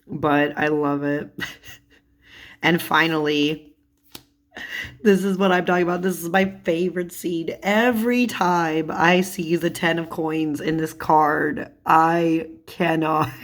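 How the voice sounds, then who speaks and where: A woman's voice: low-pitched, fairly even intonation, takes it slowly. A woman in a casual vlog, chatting about tarot cards, laughing often and swearing casually. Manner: giggly, laughs often while talking. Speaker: tarot vlogger.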